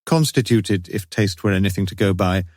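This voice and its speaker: A man reading a mystery audiobook in measured, wry narration. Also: sits low, a little mellow, no room sound, clean studio sound.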